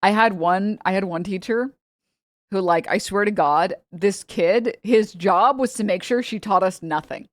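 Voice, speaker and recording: A woman's voice: medium pitch, a little slow, no echo, studio quality. A woman streamer in casual chat, joking and teasing, laughing often.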